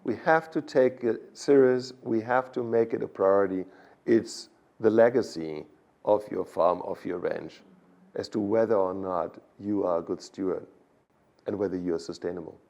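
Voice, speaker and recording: A German-accented animal science expert, guesting on a podcast, speaks in a low, creaky, slightly mellow voice at a moderate pace. His explanation has a lecturing feel, and he keeps checking in with "okay?".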